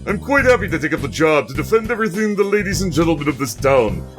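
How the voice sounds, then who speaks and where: A man voicing a flirtatious male pigeon secret agent in a put-on Russian accent, smooth and theatrical. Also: a little high, very animated, fast, music in the background, voice pushed up. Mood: suave. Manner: smooth, theatrical, playboy charm. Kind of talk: video game voice acting.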